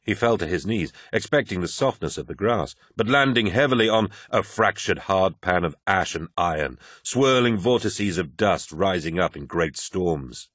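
A man reading a dark fantasy audiobook in a measured, dramatic narration. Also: low-pitched, lively intonation, no echo, clean studio sound.

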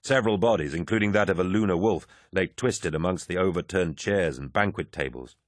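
A man reading a science-fiction battle scene as an audiobook, in a measured, grave manner. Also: low voice, no room sound, studio quality. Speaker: audiobook narrator. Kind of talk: scripted narration.

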